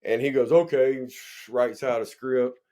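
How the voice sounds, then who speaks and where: A man's voice: medium pitch, unhurried. A man co-hosting a casual podcast, telling stories with profanity and acting out the dialogue. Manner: animated, profane, acts out dialogue. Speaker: podcast co-host. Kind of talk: casual storytelling chat.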